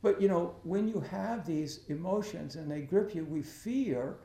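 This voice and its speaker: A middle-aged man, an academic who practices Zen, telling a reflective story in a halting way, with many restarts and fillers. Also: fairly high pitch, gravelly, mellow, echoey room.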